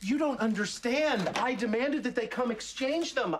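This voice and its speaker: An actor playing a flamboyant, theatrical middle-aged husband who talks in a dramatic, flustered way. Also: male voice, very high voice, moderate pace. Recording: sitcom clip with noise behind.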